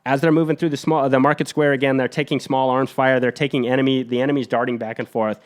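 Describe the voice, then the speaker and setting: A man on a podcast retelling a war story in an energetic, blunt, profane way. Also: medium pitch, fast talker.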